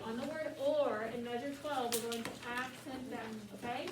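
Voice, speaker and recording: A woman teaching a choir class, explaining markings and chanting the lyrics slowly for students to repeat. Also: high voice. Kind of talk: classroom music lesson. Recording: echoey classroom from far off, noisy.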